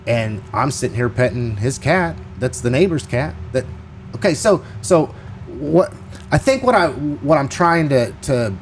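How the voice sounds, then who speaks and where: A man hosting a podcast, telling a story in a casual, animated and rambling way. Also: medium pitch, unhurried, a little hiss or hum. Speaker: podcast host.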